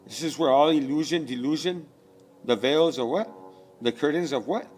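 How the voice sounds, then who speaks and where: A man's voice: fairly high pitch, moderate pace, darkish tone, faint music behind. A man delivering a rambling spiritual rant, profane and preachy, full of rhetorical questions.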